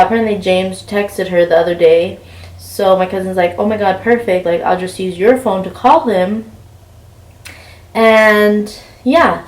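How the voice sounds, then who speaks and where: A young woman vlogger telling a rambling story while packing, full of fillers and "like". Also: mid-range voice. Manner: chatty, rambling with many fillers and "like". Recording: roomy, mic a bit far off.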